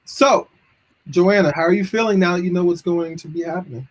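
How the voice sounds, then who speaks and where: A man's voice: high-pitched, a little fast, poor audio. A man co-hosting a casual livestream chat, teasing the guests with playful questions. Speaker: co-host.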